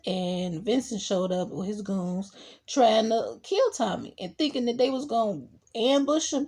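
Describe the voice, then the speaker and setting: Husky-voiced woman recapping a TV episode. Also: medium pitch. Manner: animated retelling with acted quotes. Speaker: TV show reviewer.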